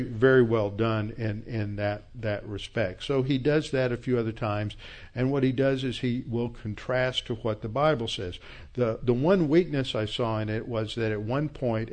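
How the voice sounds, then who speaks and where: A man's voice: medium pitch, darkish tone. A man teaching a church Bible class in a conversational, reflective lecturing style and closing in prayer.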